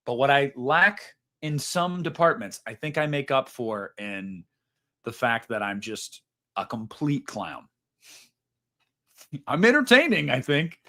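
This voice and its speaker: A man's voice: medium pitch, slow. A young man chats on a live stream, reading super chats aloud. His voice swings widely up and down as he rambles and jokes about himself. He swears casually and trails off mid-thought. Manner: rambling, animated, swears casually, self-mocking.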